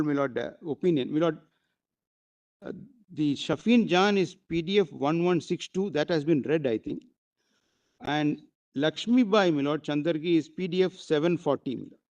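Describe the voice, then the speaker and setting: High-voiced Indian advocate addressing the bench. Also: male voice. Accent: Indian English. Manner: formal, addresses the bench as "my lord" constantly. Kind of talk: courtroom argument. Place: courtroom.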